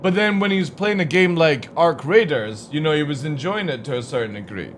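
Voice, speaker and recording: A man's voice: fairly high pitch, expressive, a little fast, a little hiss or hum. A young man streaming, ranting about video games in a profane, exasperated way. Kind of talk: ranting gaming stream talk.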